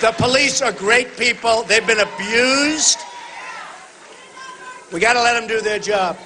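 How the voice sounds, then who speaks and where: A man giving a campaign rally speech on a stage microphone in a large venue. He speaks emphatically in short repeated phrases, often shouting to the crowd and calling them folks. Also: extremely high pitch, unhurried, noisy background. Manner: talks directly to the audience, addressing them as folks. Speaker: political candidate speaking at a rally.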